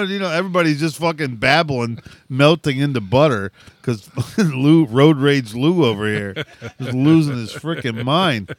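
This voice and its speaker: A middle-aged man telling a rowdy story in casual chat, animated, swearing freely and laughing often. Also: mid-range voice, moderate pace, dry recording.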